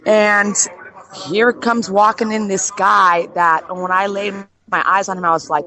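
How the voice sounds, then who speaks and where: A woman's voice: medium pitch, fairly even intonation, a little slow, a bit bright. A woman in her forties from Miami, a guest on a phone-in chat, telling stories playfully and laughing often. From Miami, Florida. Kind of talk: casual chat on a phone call.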